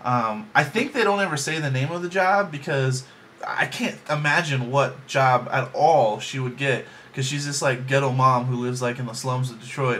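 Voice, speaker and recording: A man's voice: medium pitch, a bit bright, slight background noise. A man giving a casual, rambling movie review from his bedroom, joking along with plenty of ums and likes. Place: home bedroom.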